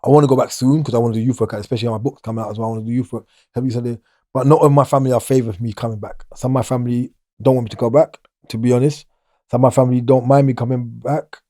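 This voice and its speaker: A man's voice: medium pitch, fairly even intonation, very fast, mellow, dry recording, clean studio sound. A middle-aged man, talking casually as an interview guest, rambling and restarting his sentences. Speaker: guest, former prisoner.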